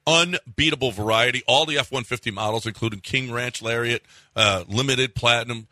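Male sports radio host, blunt joking banter, very bright forceful voice, dry studio sound. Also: mid-range voice, dry recording. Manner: joking, blunt, quick retorts. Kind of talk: casual sports radio banter and live ad read.

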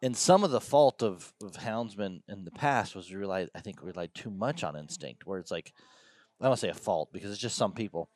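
A man who trains hounds, talking about them in an easygoing way and letting his sentences trail off softly. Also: lowish voice, lively intonation, a little fast, no room sound. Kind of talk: casual conversation.

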